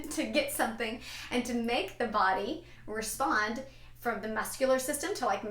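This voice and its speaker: A woman's voice: fairly high pitch, fairly bright tone, roomy sound. A woman answering a viewer's question in a casual, chatty way, with fillers and light laughs as she explains.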